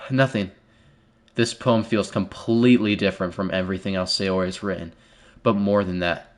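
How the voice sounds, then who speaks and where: A male streamer with a fairly low voice and moderate pace comments live on a game while reading its text aloud. Fearful muttering gives way to loud startled outbursts, and he repeats short phrases many times.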